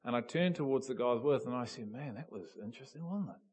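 A man from New preaches with a mid-pitched voice. He tells stories with animated energy and pushes to loud, emphatic peaks. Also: fast talker, husky. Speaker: pastor. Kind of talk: sermon.

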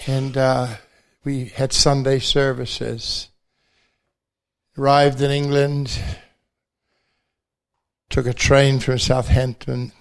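Slow-spoken older New Zealand pastor. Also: male voice, medium pitch, creaky, clear, resonant tone. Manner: anecdotal with self-deprecating humor, deliberate. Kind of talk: testimony speech at a banquet.

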